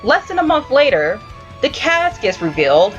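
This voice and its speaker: A woman's voice: high voice, moderate pace, dull audio, soft background music. A woman hosting a casual anime review podcast, telling stories with a lot of swearing and laughter. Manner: animated storytelling, frequent swearing and laughter.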